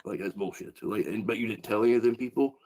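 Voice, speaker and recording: A man's voice: fairly low pitch, a little mellow. Aggrieved, swearing man on a livestream. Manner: aggrieved, swearing, halting restarts. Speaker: livestream co-host. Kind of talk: casual livestream chat.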